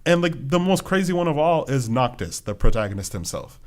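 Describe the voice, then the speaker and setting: A man's voice: mid-range voice, a little fast. Laughing, chatty man on a podcast. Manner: animated, laughing often, heavy use of "like". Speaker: podcast co-host. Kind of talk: casual chat.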